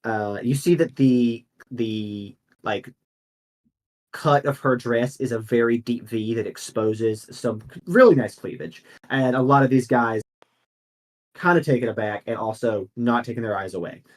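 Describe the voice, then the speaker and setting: A man's voice: mid-range voice, unhurried. A man narrating as game master in a casual way, with many fillers.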